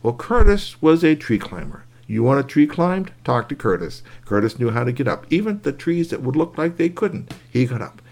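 Animated man telling a children's story. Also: medium pitch, moderate pace, hardly any pauses. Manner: animated, addresses a child listener, sound effects.

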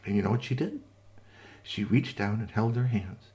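A man telling a children's story with lively, sing-song narration and playful asides to listeners. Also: lowish voice, moderate pace.

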